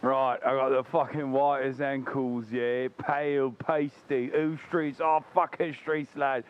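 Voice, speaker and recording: A man's voice: medium pitch, little pitch movement, a little slow, smooth, dull audio, pitched below the performer's own voice, close to an everyday voice. A man putting on a to play a crude, swaggering bigoted rally lad. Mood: mocking. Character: mocking bigoted British rally lad, brash.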